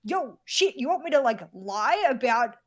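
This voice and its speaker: A young Australian woman, an esports shoutcaster, talking bluntly and frankly with casual swearing in an interview. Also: sits high, big pitch swings, moderate pace.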